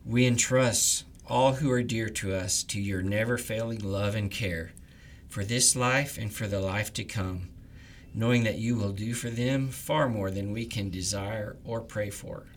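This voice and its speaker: A man leading morning prayers, reading the liturgy in a measured, reverent way. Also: lowish voice, slight background noise. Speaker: prayer leader.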